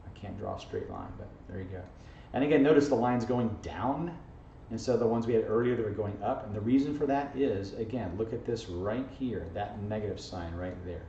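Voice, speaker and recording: A man's voice: on the low side, big pitch swings, fairly quick, vocal fry, warm tone. A man teaching an algebra lesson in a jokey, playful way, constantly checking in with "okay?" and "right?", recorded in a classroom from across the room. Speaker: math teacher. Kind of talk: informal video math lesson. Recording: echoey, distant, dull camera audio with faint hiss.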